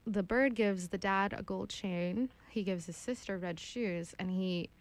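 A young woman casually retelling a dark fairy tale, lively and jokey with slangy asides. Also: mid-range voice, unhurried, no echo. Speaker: storyteller.

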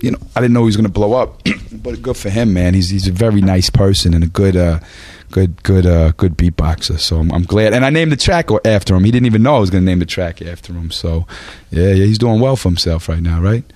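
A man's voice: deep voice, fast, a little mellow, dry recording. A man being interviewed as a rapper, telling rambling, profane stories and often laughing as he talks. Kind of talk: casual storytelling in an interview.

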